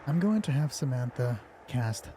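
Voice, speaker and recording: Amid background noise, a man with a very animated mid-range voice and moderate pace runs a live-streamed tabletop game. He's chatty and a little nervous, joking and making fun of himself. He's streaming from home wearing headphones.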